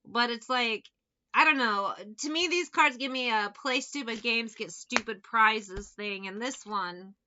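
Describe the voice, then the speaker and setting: A woman's voice: fairly high pitch, unhurried, muffled recording, background noise. A woman giving a casual tarot reading, talking bluntly with plenty of swearing and sarcastic asides. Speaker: tarot reader.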